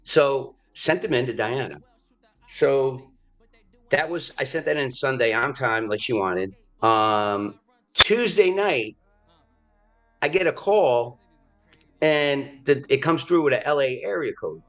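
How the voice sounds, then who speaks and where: Animated man telling a story. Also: medium pitch, slow. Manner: animated storyteller, acts out quoted voices. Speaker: actor being interviewed. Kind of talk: casual storytelling interview.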